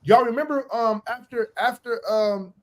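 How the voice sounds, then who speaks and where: High-voiced young man asking questions. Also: normal speed. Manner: relaxed, slangy, asks questions and laughs easily. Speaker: podcast co-host. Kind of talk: casual podcast chat.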